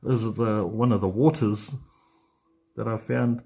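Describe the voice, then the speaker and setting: Male streamer, lowish voice, casual and rambling, lots of ums. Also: fairly even intonation, unhurried, gravelly, warm tone, breathy edge. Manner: rambling, hesitant, many ums and restarts. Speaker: live streamer. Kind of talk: casual live-stream chat.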